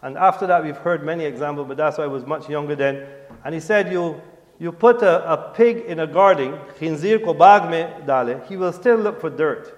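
A man's voice: normal speed, dull audio. A middle-aged man preaching to a mosque congregation in an earnest, exhorting way. He quotes Arabic, translates it, and keeps asking his listeners whether they understand. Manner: code-switches, often asks "you understand?", quotes Arabic and translates it; earnest, exhorting, voice falls low at the end of points. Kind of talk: sermon. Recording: long reverb of a large hall.

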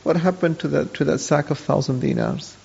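A man's voice: fairly high pitch, a little fast. A man voicing a sly, crooked swindler in a spoken story. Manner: wheedling, sly. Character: crooked, scheming male swindler. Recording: dull lo-fi audio with long hall reverb.

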